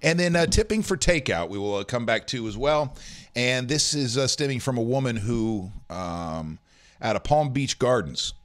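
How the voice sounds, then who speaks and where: A man runs through the day's news in a loose, rambling chat. His pitch swings widely as he reacts to stories. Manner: rambling, rough news rundown full of fillers. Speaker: host. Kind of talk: casual morning news chat show.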